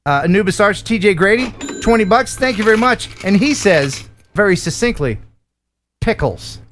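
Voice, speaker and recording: An American man in his fifties hosts a live drone stream, cracking jokes and animatedly reading out viewer donations. He has a high voice and a brisk delivery, with slight background noise.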